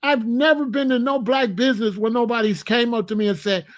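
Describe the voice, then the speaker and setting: This male commentary host has an extremely high voice, speaks a little fast, and barely pauses. He argues his reaction by piling up repeated rhetorical questions.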